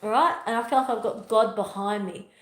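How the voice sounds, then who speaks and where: A woman's voice: fairly high pitch, a little fast. Emphatic woman, echoey room. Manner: emphatic, repeats key phrases. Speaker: spiritual teacher. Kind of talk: spiritual motivational talk. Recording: roomy echo.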